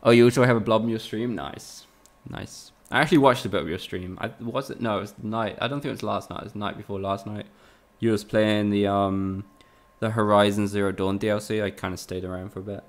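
Gravelly, low-voiced man streaming games. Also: fairly even intonation, brisk, few pauses. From Spain. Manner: chatty, swears freely, banters with chat. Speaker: game streamer. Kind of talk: casual live-stream commentary.

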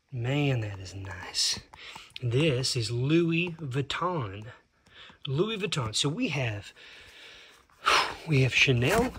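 Excited man unboxing, slow and halting. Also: mid-range voice, slight background noise. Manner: excited, halting, drops to a whisper at times. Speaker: reseller vlogger. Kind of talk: casual unboxing commentary.

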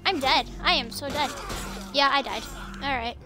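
A young woman talking casually to herself while playing a video game, chatty and quick to apologize and laugh. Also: high voice. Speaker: gameplay streamer.

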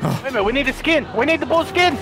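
Very high-voiced excitable young gamer man. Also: fast. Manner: excitable, shouts and laughs often. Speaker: gamer playing co-op. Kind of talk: excited gameplay banter.

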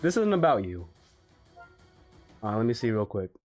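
A young man giving casual, excitable commentary on a mobile game, swearing freely and laughing often. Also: on the low side, moderate pace, soft background music. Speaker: gaming YouTuber.

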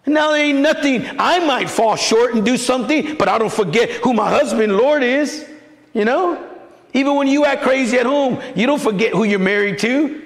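A man, a pastor preaching a sermon in an animated, conversational way. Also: very high voice, normal speed. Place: church sanctuary. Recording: echoey hall with long reverb.

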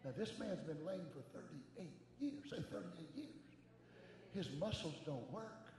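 Middle-aged male evangelist, lively sermon delivery, high-pitched, recorded in a reverberant sanctuary. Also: unhurried. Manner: animated, swings from soft asides to shouting. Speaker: evangelist preacher. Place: large church sanctuary. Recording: echoey church hall with long reverb.

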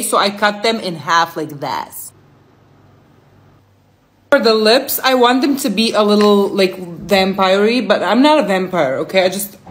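A young woman chatting casually through a makeup vlog, playful and self-mocking. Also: medium pitch. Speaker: makeup content creator.

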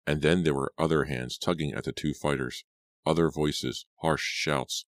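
Very deep-voiced male audiobook narrator. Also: steady tone, moderate pace, dry recording, clean studio sound. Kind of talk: scripted storybook narration.

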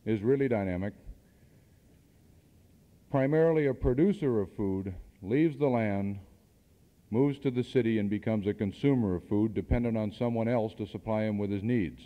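A man's voice: medium pitch, moderate pace. A man giving a seminar talk to an audience, asking rhetorical questions and adding dry asides, on an old cassette recording made in a hall. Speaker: seminar speaker. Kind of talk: speech to an audience. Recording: dull archival cassette tape in a hall.

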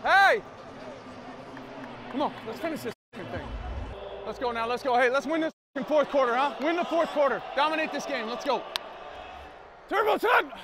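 A professional quarterback talking on a body mic on a stadium sideline, loudly encouraging teammates. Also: male voice, very high-pitched, a little fast, pauses often. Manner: loud, hyped encouragement to teammates. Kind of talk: mic'd-up sideline talk. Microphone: body-worn mic. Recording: noisy field mic with crowd. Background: roaring stadium crowd.

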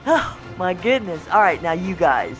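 Woman game streamer, casual play-along chatter, bouncy voice, music playing behind. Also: lowish voice. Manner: chatty, talks to in-game animals, coaxing and excitable. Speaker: gaming channel host. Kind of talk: casual let's-play commentary.

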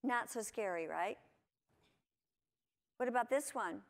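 A woman giving a lively conference talk to teachers, asking her audience lots of questions. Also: a little high, slow pace, vocal fry. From United States. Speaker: conference presenter. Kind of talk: lecture to teachers. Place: conference hall.

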